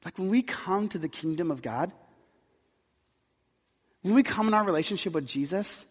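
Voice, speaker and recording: A man with a fairly high voice preaches a conversational sermon, slipping into little acted-out quotes as he tells his story. The sound is a bit dull and rings with long reverb from a church hall. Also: lively intonation, normal speed, slightly rough. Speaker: pastor.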